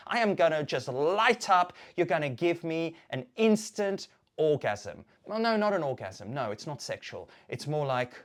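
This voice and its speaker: A YouTuber rants to the camera in a sing-song voice at normal speed with hardly any pauses. He swears heavily, swinging between loud outbursts and low muttering, and repeats words over and over.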